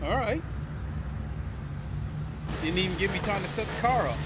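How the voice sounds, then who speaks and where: A man with a high voice gives relaxed, chatty play-by-play of a racing game. Loud engine noise fills the background throughout. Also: normal speed. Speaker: streamer. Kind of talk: live racing game commentary.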